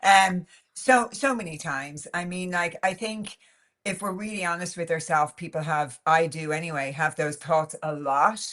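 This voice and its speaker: Irish woman guest on an interview podcast, fairly low voice, open and lively, talks in loose spoken sentences. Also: normal speed. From Ireland. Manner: frank and animated, laughing often, many "like" and "you know" fillers. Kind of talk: candid conversational interview.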